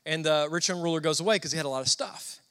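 A Southern American-accented man from the Southern United States delivers a sermon to a church congregation at a quick pace. His voice is bright and a little high. He preaches by telling stories in a conversational manner and asking the crowd questions.

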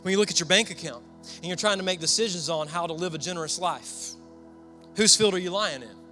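Southern preacher, young man, high-ish bright voice, chatty storyteller who quizzes the room. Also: a little fast, faint music behind. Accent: Southern American. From Southern United States. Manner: storytelling, conversational, asks the crowd questions. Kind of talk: sermon. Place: church before a congregation.

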